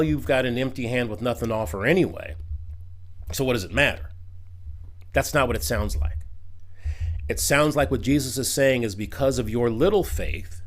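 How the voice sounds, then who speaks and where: In a video critique, a man with a medium-pitched voice reads Bible verses aloud and comments on them. He is emphatic and drops in casual asides.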